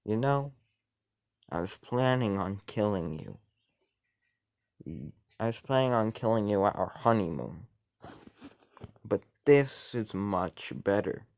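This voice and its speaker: A man's voice: on the low side, lively intonation, takes it slowly, long pauses, a little mellow. Man voicing a cold scheming villain husband. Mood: smug mocking. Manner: cold, mocking, contemptuous. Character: scheming treacherous young husband who wants the throne.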